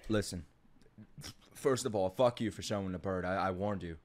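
A young man casually reacting to an anime, excitable, laughing and swearing, with loud bursts. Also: low voice, moderate pace.

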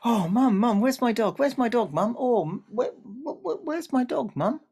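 A man voicing an excitable, good-natured little boy in a told family story, with a high, breathless, pleading manner. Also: moderate pace, husky, heavily acted.

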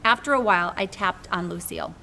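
A woman reading a children's book aloud with expressive, lively storytelling. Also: fairly low pitch, fast, creaky, a little hiss or hum.

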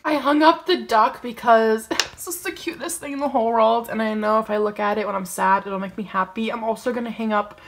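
A woman's voice: a little high, a little fast, few pauses, noisy background. A young woman chatting to camera in a casual vlog, bubbly and gushing, giggling often. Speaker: vlogger.

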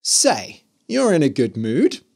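Male narrator as a firm, churchgoing dad, slow and animated, storybook. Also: a little high, vocal fry, full character voice. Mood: stern. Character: devout, stern father.

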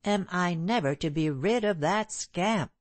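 A woman reading the part of a proud, bitter gentleman who speaks in a sneering, clipped way. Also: fairly low pitch, measured pace, dry recording, natural voice. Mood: scornful. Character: proud bitter middle-aged gentleman, scornful.

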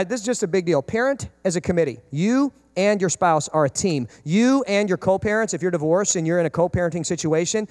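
A man in his thirties, a pastor preaching a sermon, animated and acting out quoted parents and kids. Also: sits high, long reverb tail.

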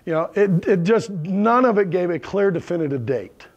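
Guy preaching in church, kinda high voice with a gravelly edge, keeps asking the crowd right? okay?. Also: animated, normal speed, muffled recording. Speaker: pastor. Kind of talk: conversational sermon. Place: church sanctuary with congregation.

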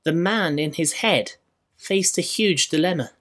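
A man with a Scottish accent preaching a sermon in church, measured and rhetorical, with dry humour. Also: fairly high pitch, fairly bright tone. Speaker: minister.

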